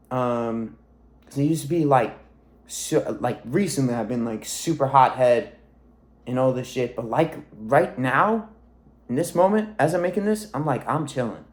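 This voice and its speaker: A man's voice: medium pitch, a little mellow. A young man in his twenties talking to camera in a rambling, reflective monologue, swearing freely as a weight-loss coach.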